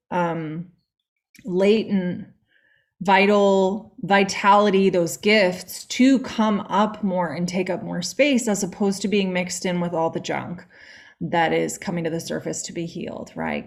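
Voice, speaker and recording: A woman's voice: on the low side, creaky. Chatty woman co-hosting a healing stream. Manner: loose and chatty, with lots of "like" and teasing laughs. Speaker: co-host and spiritual coach. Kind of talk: casual livestream chat.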